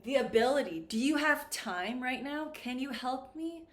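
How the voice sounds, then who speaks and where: A woman teaching an English grammar lesson, modeling pronunciation slowly and clearly. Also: sits high, animated, a bit bright. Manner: slow, clear, exaggerated pronunciation demos. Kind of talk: classroom-style grammar lesson. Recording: echoey room.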